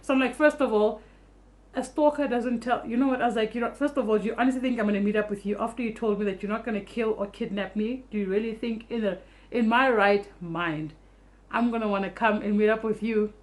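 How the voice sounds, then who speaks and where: A young woman vlogging casually, telling a story fast and animatedly with free swearing. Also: a little high, steady tone.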